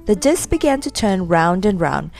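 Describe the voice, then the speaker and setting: Lively woman reading a children's story. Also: mid-range voice, normal speed, gravelly, faint music behind. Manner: lively, expressive.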